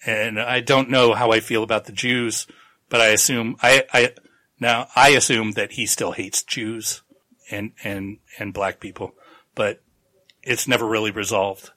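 A man's voice: lowish voice, level tone, unhurried, pushed and bright. A man hosting a casual book podcast, recapping a plot in a rambling, profane way with quoted asides. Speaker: podcast host.

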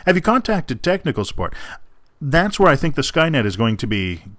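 A man doing a comic impression of a famous actor's halting, dramatic delivery while reading his side of chat logs, on a close, dry mic. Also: fairly high pitch, sing-song, a bit bright, no room sound. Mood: deadpan dramatic. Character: William Shatner-style halting dramatic male speaker.

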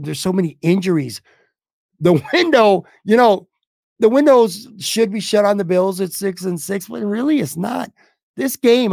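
A man hosting a sports podcast in blunt, rambling casual talk, hoarse from losing his voice. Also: high-pitched, darkish tone, no room sound, studio quality. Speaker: podcast host.

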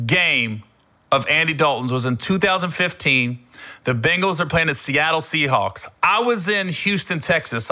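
A middle-aged man hosting a podcast, telling comedic stories in an animated, rambling way with some swearing. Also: fairly high pitch. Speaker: podcast host. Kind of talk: comedic storytelling.

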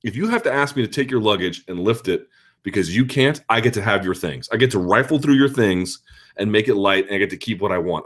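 A male host of a live chat show, talking casually and answering viewer questions in an animated, ranting, sarcastic way. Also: low voice, fast.

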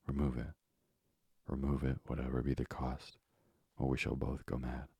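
A man voicing a firm, devoted young wife, speaking calmly in a hushed, whispery voice. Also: very deep voice, moderate pace, vocal fry, slightly rough, no room sound, exaggerated voice. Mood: pleading.

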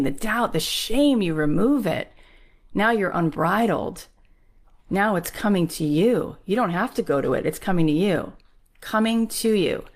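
A woman giving a motivational talk, telling a story with lively acted-out quotes. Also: mid-range voice. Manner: animated, acts out quoted lines. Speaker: speaker on manifesting.

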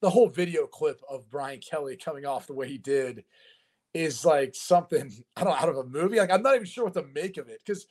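A man in his thirties hosting a laid-back sports show, with a voice a touch higher than most men's. He talks in loose, rambling sentences, full of fillers and quick laughs. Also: expressive, darkish tone. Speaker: host. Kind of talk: casual sports chat.

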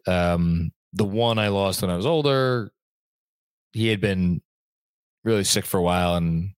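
A young adult man hosts a casual sports live stream from a room at home, seated at his computer. He reads out viewer comments in a rambling, chatty way with some swearing, his voice low and free of room sound.

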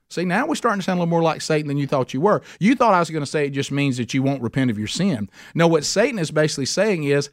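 A man teaching a men's Bible study, preaching emphatically, slowing down to stress points and speeding up when fired up. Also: a little high, animated, no echo, clean studio sound.

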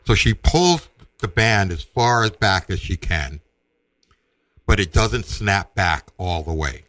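A middle-aged man casually telling a personal story, with halting restarts and acted-out quotes. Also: sits low, lively intonation, fairly bright tone, no room sound. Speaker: storyteller guest.

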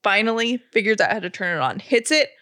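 A woman's voice: medium pitch, very animated, quick pace, a bit bright. A woman in her thirties co-hosting a podcast, telling a heartfelt story in a gushing, emotional way. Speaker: podcast co-host. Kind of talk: casual chat.

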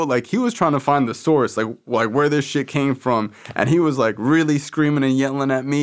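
A man's voice: medium pitch, moderate pace, few pauses, clear, resonant tone. A young man hosting a podcast, telling a personal story in a loose, profane way and acting out the voices of people he quotes. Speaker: podcast host. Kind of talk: casual storytelling.

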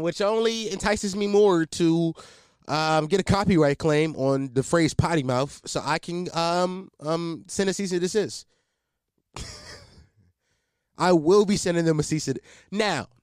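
This is a man in his twenties talking casually on his own podcast, rambling, cursing, and restarting often. His voice sits a little high. Recorded on a close podcast mic in a home setup, the audio is studio quality with no room sound.

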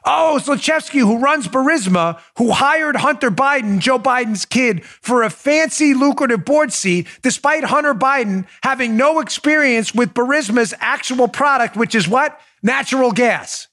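A man's voice: very high-pitched, lively intonation, moderate pace, few pauses, pushed and bright. A man hosting a political podcast, sarcastic and incredulous, talking back and forth with his producer. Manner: talks to his producer on air. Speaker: podcast host. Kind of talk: political commentary.

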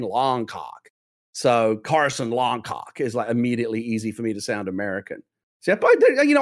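A man co-hosting a podcast in casual chat, talking in a rambling, self-deprecating way. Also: medium pitch. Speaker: podcast co-host.

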